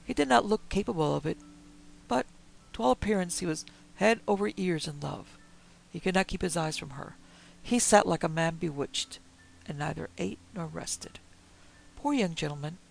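A man reads a period story aloud in a measured storytelling manner. His voice is heavily gravelly and sits somewhat high for a man. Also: poor audio. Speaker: audiobook narrator. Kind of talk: reading a Victorian story aloud.

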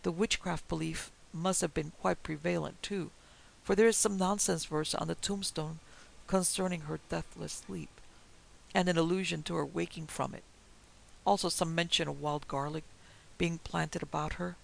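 A man playing a gentle old minister. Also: a little high, fairly even intonation, vocal fry, poor audio. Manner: mild, measured, slightly apologetic. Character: gentle white-haired elderly clergyman.

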